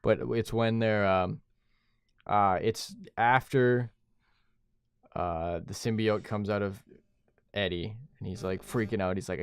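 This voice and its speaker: A man's voice: lowish voice, steady tone, takes it slowly, pauses often, clear, resonant tone, no echo, clean studio sound. A man co-hosting a podcast, retelling movie scenes in casual chat and acting out the dialogue, with some stammering. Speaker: podcast co-host.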